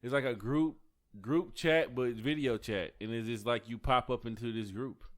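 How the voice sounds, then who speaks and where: A man co-hosting a podcast, telling stories loudly with lots of laughs in casual banter. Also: mid-range voice, moderate pace. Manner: loud, laughing, jokey storytelling. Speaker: podcast co-host. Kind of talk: casual chat.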